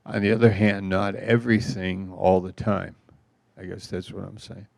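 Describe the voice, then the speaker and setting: A man's voice: deep voice, little pitch movement, normal speed, gravelly, no room sound, clean studio sound. A man speaking as a pastor in an informal church talk, rambling and emotional, laughing through his stories.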